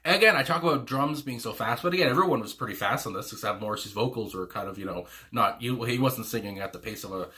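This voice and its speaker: A man's voice: medium pitch, fast, few pauses, pushed and bright. A man hosting a music reaction video, talking through a song in a meandering, reflective way as he thinks aloud. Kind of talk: casual reaction commentary.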